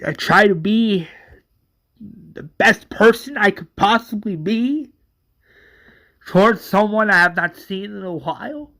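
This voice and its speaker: A man voicing an angry, grieving adult brother who yells and stammers. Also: sits high, animated, very slow, long pauses, heavily acted. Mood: grieving anger. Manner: yelling, stammering, bitter.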